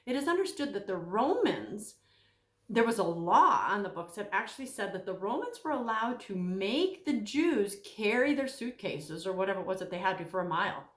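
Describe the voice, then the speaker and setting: A woman giving a casual Bible teaching talk, animated, acting out the voices she quotes. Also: mid-range voice, normal speed, roomy sound.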